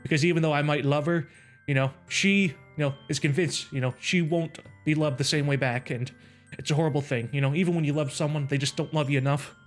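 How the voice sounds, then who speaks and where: A man's voice: fairly high pitch, fairly even intonation, fairly quick, faint music behind. A young man hosting a casual let's play, rambling emotionally with lots of "you know"s. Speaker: gaming channel host.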